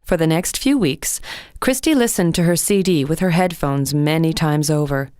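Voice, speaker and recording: A woman narrating a children's audiobook in a clear, expressive storytelling voice. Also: low voice, normal speed, no echo, studio quality.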